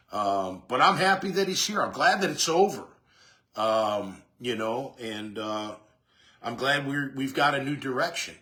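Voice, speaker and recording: A Jacksonville-area man hosts a sports talk show, his mid-range voice pushed and bright. He delivers a loose, rambling monologue packed with fillers and restarts.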